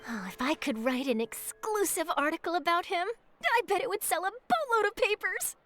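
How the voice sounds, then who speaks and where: A woman's voice: very high voice, animated, normal speed, a bit bright. A woman voicing a nosy, scoop-hungry young female newspaper reporter with theatrical, gossipy asides. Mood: eager. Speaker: journalist. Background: game music.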